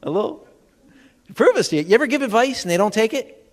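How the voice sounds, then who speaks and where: Very high-pitched and sing-song, a man speaks fast while playing a comedic health seminar for laughs, quizzing a crowd in a large expo hall stand-up style. The live recording has long hall reverb.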